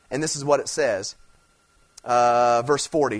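A man's voice: mid-range voice, unhurried, pauses often. A traveling male preacher giving a conversational sermon, repeating and restarting phrases for emphasis and often checking in with "you understand.". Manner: conversational preaching, rising and falling in intensity, frequent "you understand".

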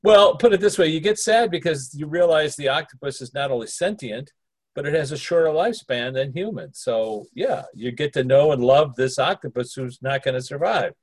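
A man's voice: on the high side, animated, moderate pace, dry recording. A man co-hosting a podcast in casual chat, playful and joking, often laughing. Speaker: podcast co-host.

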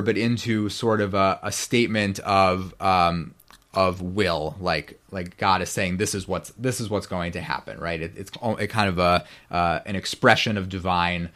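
Guy with a lowish voice walking through hebrew grammar, keeps saying right?, podcast chat. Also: a bit bright. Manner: teacherly, checks in with frequent "right?"; precise about Hebrew pronunciation. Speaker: podcast guest, Bible scholar. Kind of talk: explanatory podcast conversation.

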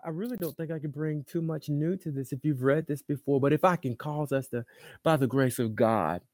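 This man preaches by swinging between booming, stretched-out proclamations and hushed, conversational asides. He often repeats words and restarts his thoughts.

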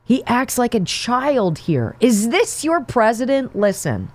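Sarcastic woman talk-show host, lively. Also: fairly high pitch, unhurried. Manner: sarcastic, mocking. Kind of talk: political talk commentary.

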